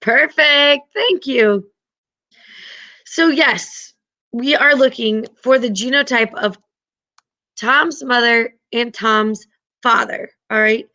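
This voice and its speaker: A woman's voice: a little high, slow pace, long pauses, pushed and bright, rough recording. A woman teaching a class, patiently explaining and often checking in with her students.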